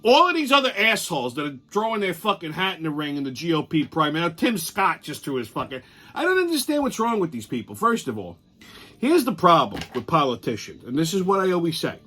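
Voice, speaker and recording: A man's voice: on the high side, very animated, a little fast, pushed and bright. A man hosting his own show, giving a heated, sarcastic political rant full of swearing. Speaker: show host.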